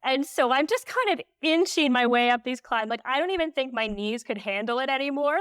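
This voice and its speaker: A woman guest on a podcast telling a story candidly, animated and full of "like" fillers. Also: high voice, brisk, hardly any pauses, smooth, no room sound, studio quality. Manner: emotional when recalling.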